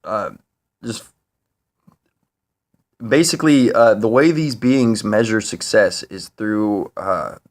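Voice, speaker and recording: A man talking to camera in a rambling, profane monologue, full of fillers and restarts, getting higher and louder when he is worked up. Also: slow, long pauses. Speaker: vlogger. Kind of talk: casual monologue.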